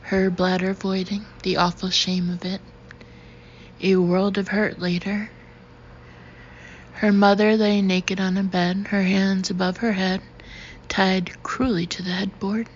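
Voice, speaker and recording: A woman reading a thriller audiobook in a steady, even narration. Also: medium pitch, unhurried, long pauses. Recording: dull, slightly noisy recording.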